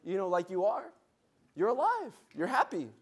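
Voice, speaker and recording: A man's voice: high-pitched, huge pitch swings, normal speed. A man speaking at a conference meeting, giving a Bible lesson and leading the audience in call and response. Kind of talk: Bible lesson with group exercise.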